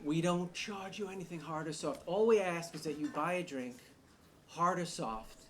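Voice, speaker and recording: A man from Long Island, New York, hosting a live reading series in a bar, joking and energetic with the audience. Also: on the high side, moderate pace. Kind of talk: live event emcee. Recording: noisy bar with crowd. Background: crowd chatter and noise.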